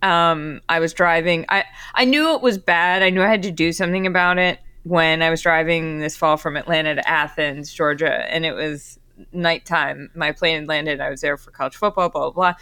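Woman in her thirties, bright voice, dry close sound, animated storyteller, quotes people. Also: deep voice, moderate pace, clean tone, no echo. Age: 30s. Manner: animated storytelling, quotes herself and others with a laugh. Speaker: guest. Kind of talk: casual podcast chat.

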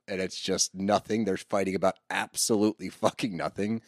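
A man with a fairly low voice hosts a loose recap podcast, animated and sarcastic, dropping swear words as he rants. The sound is dry and close, with no room around it. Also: moderate pace, few pauses, no room sound. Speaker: podcast host. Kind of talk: casual reality-TV recap chat.

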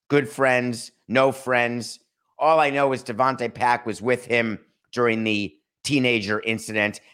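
A man hosting a sports podcast, talking in a dry, mocking tone with deliberate pauses for emphasis. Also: medium pitch, fairly bright tone. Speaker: podcast host. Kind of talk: sarcastic sports commentary.

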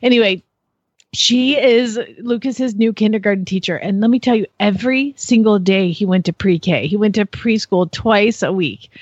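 A woman co-hosting a casual chat show, telling stories in an animated way and laughing often. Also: medium pitch, husky, dry recording, dull audio. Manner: animated storytelling with quick laughs. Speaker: podcast co-host.

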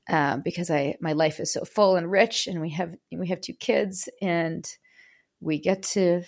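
A woman's voice: lowish voice, steady tone, a little slow, vocal fry. A woman speaking as a guest in an interview, candid and emotional, often restarting her sentences. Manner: frequent restarts and fillers. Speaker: podcast guest. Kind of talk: casual interview talk.

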